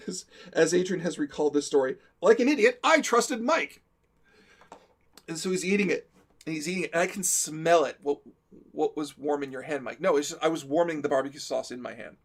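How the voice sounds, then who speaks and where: A man's voice: on the high side, fairly even intonation, quick pace. A man telling a comic story as a live-stream co-host, talkative, laughing through it and acting out the quotes.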